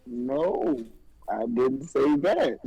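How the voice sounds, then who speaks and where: A man's voice: medium pitch, wildly swooping pitch, extremely slow, creaky, crowd noise, low-quality recording. A man co-hosting a live sports podcast, defending his view in casual talk with stammering, repeated starts. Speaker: podcast co-host.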